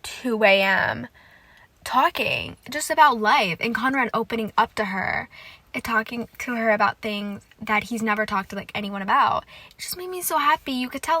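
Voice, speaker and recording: A young woman hosting a casual solo podcast, gushing excitedly with lots of "like" and swearing. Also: on the high side, no echo. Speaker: podcast host. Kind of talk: casual solo podcast chat about a TV show.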